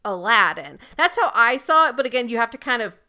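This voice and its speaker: A woman co-hosting a podcast, calmly explaining her reading of a TV episode in casual chat. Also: a little high, a little fast. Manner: thoughtful, explains her view at length. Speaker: podcast co-host. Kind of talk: casual chat recapping a TV show.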